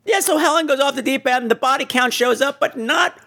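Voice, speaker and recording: A man hosting a podcast, giving a campy, profane and animated comedic film review. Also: extremely high pitch, fairly quick. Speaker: podcast host.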